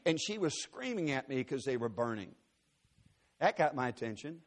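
A man's voice: medium pitch, big pitch swings, normal speed. A man preaching in a large auditorium, telling a story with earnest drama and acting out the quotes. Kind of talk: sermon storytelling.

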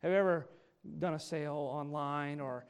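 A male pastor preaching a sermon in an animated way, acting out the speech of people he quotes. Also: on the high side, moderate pace, smooth.

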